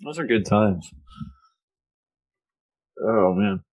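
A man chatting casually with his siblings, relaxed and agreeable, laughing often. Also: lowish voice, very slow, slightly rough. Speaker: brother in a family chat. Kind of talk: casual chat.

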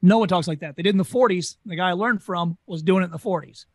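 A man with a Southern US accent, a former carnival talker telling stories in an interview, talking fast and animated. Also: high-pitched, no echo. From Southern United States. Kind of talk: casual storytelling interview.

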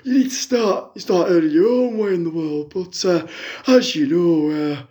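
A man's voice: sits high, normal speed, dark tone, voice pushed up, natural voice. A man voicing a brash, crude middle-aged woman calling in to a radio show, rambling and chatty.

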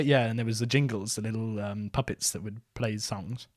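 A man's voice: lowish voice, fairly even intonation, normal speed. A man co-hosting a casual comedy chat, playful and jokey. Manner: playful, bursts into silly jingles. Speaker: podcast co-host.

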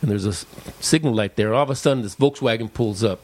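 A man in his sixties from Los Angeles, telling long personal stories in casual podcast chat. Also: fast talker. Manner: animated, acts out quotes with big pitch jumps. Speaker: podcast guest, exterminator and comedian. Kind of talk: casual storytelling.

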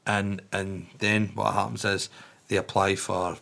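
A man's voice: low-pitched, little pitch movement, measured pace, vocal fry, a bit bright. A man telling a story in casual podcast chat, rambling and swearing with many restarts.

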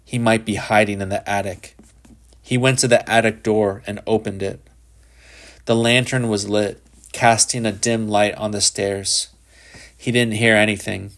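Low-voiced male audiobook narrator. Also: steady tone, a little slow, a bit bright.

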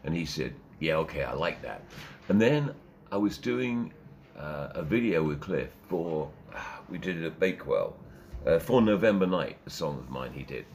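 Older man, very low voice, animated storyteller, faint background hiss. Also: normal speed. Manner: animated, acts out quotes and laughs. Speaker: interview guest, radio DJ and music man. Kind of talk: anecdotal storytelling.

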